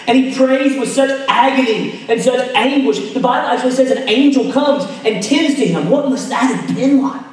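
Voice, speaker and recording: A man preaching a sermon, retelling a scripture story, dropping to hushed tones and rising to emphatic ones. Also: very high voice, moderate pace, hardly any pauses. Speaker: pastor. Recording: echoey hall, mic at a distance.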